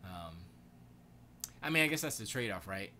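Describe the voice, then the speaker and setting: Male stream host, bright and sharp tone, casual slangy banter, faint background hiss. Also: lowish voice, moderate pace. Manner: loose, excitable, slangy rambling. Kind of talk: casual gaming and movie chat. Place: home studio.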